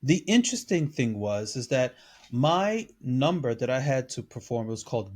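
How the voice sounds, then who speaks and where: A man co-hosting a podcast, telling a personal story in casual chat and acting out what others said. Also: normal speed. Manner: animated, acts out quoted voices with pitch jumps. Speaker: podcast co-host.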